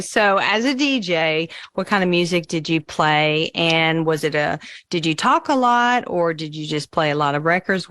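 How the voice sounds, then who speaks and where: Low-pitched female host, affirming questions. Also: fairly bright tone, no room sound, clean studio sound. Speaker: show host. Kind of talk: radio interview hosting.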